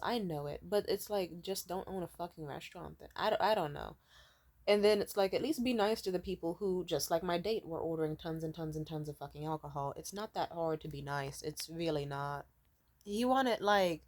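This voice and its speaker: Sarcastic woman ranting, heavy swearing. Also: fairly low pitch. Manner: profane, sarcastic, lots of fillers. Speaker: vlogger. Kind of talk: casual ranting story.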